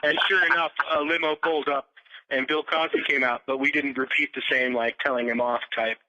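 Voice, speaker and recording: Bright-voiced chef, eager. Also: male voice, mid-range voice, flat delivery, brisk. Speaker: chef, podcast guest. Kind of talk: casual chat. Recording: muffled podcast recording.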